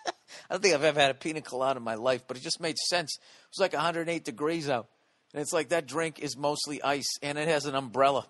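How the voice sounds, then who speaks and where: An American man telling a comedic story and ranting, loud and animated, swearing constantly and tossing in rhetorical "okay?" asides. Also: on the high side. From United States. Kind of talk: profane comedic storytelling rant.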